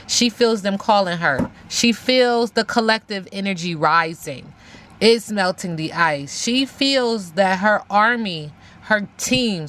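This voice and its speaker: A woman's voice: mid-range voice, fairly bright tone. A woman giving a casual spiritual tarot reading, emphatic, talking aloud to spirit and repeating phrases. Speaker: tarot reader.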